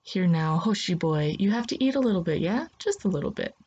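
A woman's voice: on the low side, animated, a little fast, warm tone, slightly rough, lo-fi sound. A woman voicing a kind, poor, easily confused old male space pilot who mutters to himself and speaks in a folksy, soothing way.

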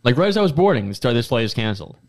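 A man co-hosting a sports podcast, telling excitable stories about games in casual chat. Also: mid-range voice, racing. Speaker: podcast co-host.

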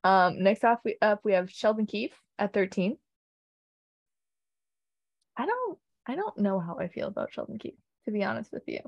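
A woman's voice: medium pitch, animated, normal speed, creaky, long pauses, no room sound, lo-fi sound. A young woman co-hosting a casual chat, opinionated and joking, with lots of ums. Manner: chatty, opinionated, frequent ums and laughs.

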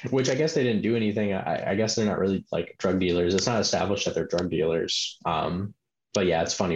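A man's voice: sits low, fast talker. A man co-hosting a podcast, casually talking through a film and filling his sentences with "like". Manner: rambling, heavy use of filler "like". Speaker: podcast co-host. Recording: roomy, muffled, faint hiss.

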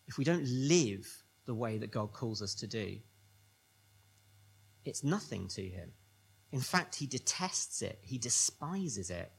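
A man's voice: mid-range voice, very animated, slow pace, creaky, breathy edge. A man preaching a sermon as pastor, building emphatic repetitions.

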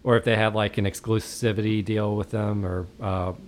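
A man's voice: lowish voice, moderate pace, a little hiss or hum. A man co-hosting a gaming podcast, chatting casually with a lot of hesitant fillers. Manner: relaxed, hesitant, with many fillers. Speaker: podcast co-host. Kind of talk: casual chat.

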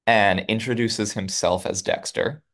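Man, lowish voice, animated casual recapper, podcast co-host. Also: a little slow. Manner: animated retelling with laughs and playful quotes.

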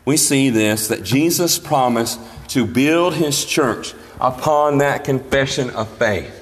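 A man's voice: medium pitch, takes it slowly, long reverb tail. A man preaching a sermon in a church, earnest and emphatic, lifting his voice when he quotes scripture. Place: church sanctuary.

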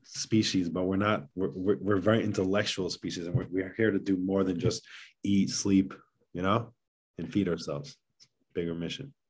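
A man's voice: deep voice, fairly even intonation, normal speed, a little mellow, breathy edge. A middle-aged man talking earnestly as a podcast guest about fatherhood. He often repeats words and restarts his sentences. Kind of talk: casual podcast conversation.

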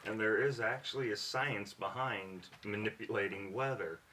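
A man hosting a casual talk show, joking wryly and slowing down when he introduces the topic. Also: fairly low pitch, bright, forceful tone, distant mic, slight background noise. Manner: wry, joking, slow and deliberate when introducing. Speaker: podcast host. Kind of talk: casual chat.

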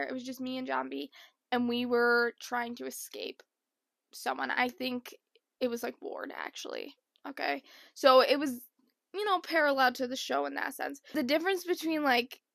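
A young woman vlogger telling a rambling, animated storytime in casual chat. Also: high-pitched, gravelly, no echo, studio quality. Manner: chatty, rambling, animated impressions.

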